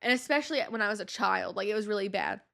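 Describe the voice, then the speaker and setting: A young woman hosting a podcast, telling a story in an animated, slangy way with lots of fillers. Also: medium pitch, fast, gravelly. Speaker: podcast host. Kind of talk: casual storytelling monologue.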